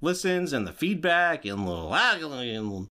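A man's voice: fairly high pitch, big pitch swings, slow, sharp tone. A man co-hosting a podcast in casual chat, reading out quiz questions and laughing often. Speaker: podcast co-host.

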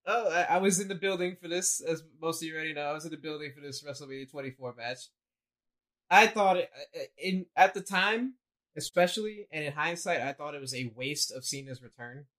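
Animated young man telling a story. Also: on the high side, brisk. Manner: animated storyteller, acts out quotes. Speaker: co-host. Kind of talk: casual chat.

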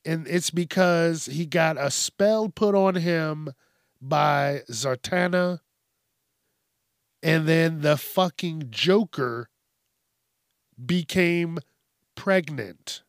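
A man with a gravelly, creaky voice talks slowly and bluntly, swearing freely as he rambles through a casual podcast monologue. His voice is a little higher than most men's. The recording is dry and close, with no room sound. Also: no room sound. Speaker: podcast host.

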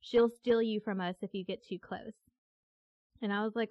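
A woman hosting a casual chat, animated and quick to exclaim. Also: mid-range voice, dry recording. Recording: dull, lo-fi audio with faint music.

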